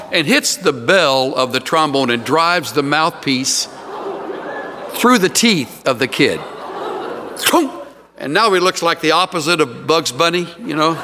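A middle-aged man preaching a sermon, telling stories with sudden jumps in pitch. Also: lively intonation, takes it slowly, long pauses, long reverb tail, background noise. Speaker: pastor.

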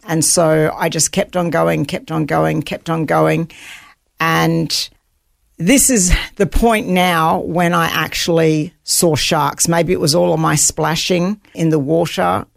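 A woman's voice: low-pitched, fairly even intonation, takes it slowly, gravelly, no echo, clean studio sound. A woman telling an earnest, vivid story of surviving at sea, quoting her own thoughts as she goes. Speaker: guest, author recounting survival at sea. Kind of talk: storytelling interview.

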